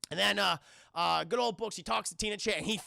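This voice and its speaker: A man recapping a film live for his chat in a loose, profane, rambling way, turning to address the chat constantly. His voice is high and very gravelly, with a bright edge. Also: fast talker, dry recording, clean studio sound. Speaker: film reviewer streaming live. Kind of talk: casual profane livestream movie recap.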